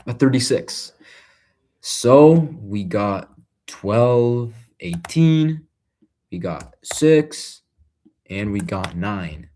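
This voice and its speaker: A man's voice: lowish voice, lively intonation, very slow, pauses often, mellow. A young man casually thinking aloud to himself and his viewers while working through math homework in a small room. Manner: muttering to himself, trailing off, self-talk. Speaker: vlogger doing homework on camera.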